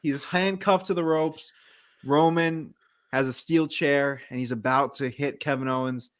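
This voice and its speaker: Man, casual podcast co-host, animated, acts out quotes, slightly high voice. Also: a little slow. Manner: animated storytelling, acts out quotes, laughs often. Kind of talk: casual wrestling recap chat.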